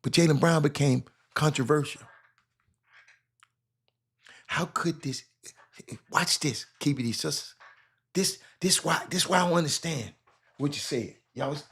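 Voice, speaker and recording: A man's voice: fairly high pitch, measured pace, gravelly, pauses often, a bit bright, breathy edge. A man hosting a live sports talk show with a Southern US accent, speaking animatedly and calling out chat viewers by name.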